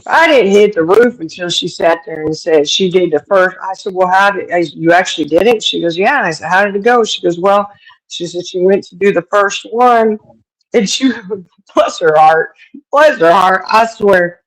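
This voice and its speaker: A woman's voice: normal speed, poor audio. A woman co-hosting a casual talk show, telling a story with lots of laughs and colorful sayings. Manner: chatty storyteller, laughs often, Southern-style sayings; mimics others with raised pitch. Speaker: podcast co-host. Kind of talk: casual chat.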